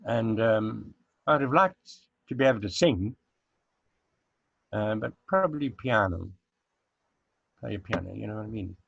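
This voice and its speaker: An older man from South Africa talks in a low voice, casual and unhurried, drifting into memories with plenty of pauses and fillers. The sound is dry and close, but dull and lo-fi. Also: expressive, gravelly, husky, no echo. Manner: unhurried, reminiscing, hesitant with fillers. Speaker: guest. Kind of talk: casual interview chat. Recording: dull lo-fi recording.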